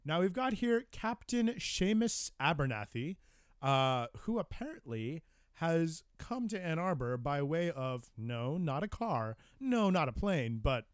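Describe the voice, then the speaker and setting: A man's voice: fairly high pitch, very animated, unhurried, clear, resonant tone, no echo, clean studio sound. A man co-hosting an improvised comedy podcast, playful and laughing easily. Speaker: podcast co-host.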